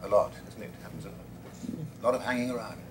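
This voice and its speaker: A man's voice: fairly low pitch, fairly even intonation, rapid-fire, noisy background. An English man on a convention panel, telling anecdotes in a reflective, wry, self-deprecating way.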